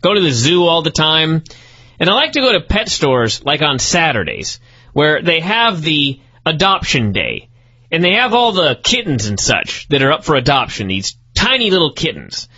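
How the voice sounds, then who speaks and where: Male podcast host, bright and animated, sarcastic and profane, husky edge, dull lo-fi sound. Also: on the high side, normal speed. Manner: profane, mocking, storytelling. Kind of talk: sarcastic wrestling recap.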